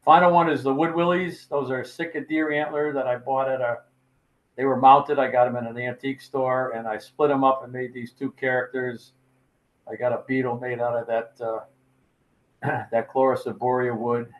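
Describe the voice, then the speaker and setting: A man's voice: medium pitch, level tone, normal speed, lo-fi sound. An older man casually presenting his wood carvings, folksy and rambling with plenty of fillers. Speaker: sculptor presenting his work. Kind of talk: casual show-and-tell talk.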